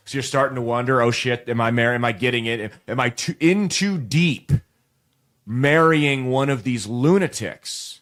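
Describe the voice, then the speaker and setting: A show host in his late twenties tells viewers a crude, rambling comic story directly, restarting often. His medium-pitched voice is steady and fairly bright, moving at a moderate pace through this comedic monologue.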